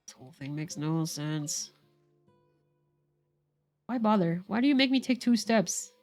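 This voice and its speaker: A woman's voice: lowish voice, animated, a little slow, darkish tone, soft background music. A woman streamer giving wry, casual commentary while playing a game.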